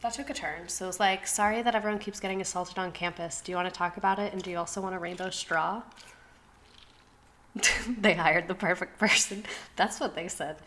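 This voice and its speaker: A woman in her twenties hosting a casual live stream, talking very fast and gasping for air between phrases. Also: on the low side, fairly even intonation, fairly bright tone, rough recording. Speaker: streamer host. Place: home streaming setup.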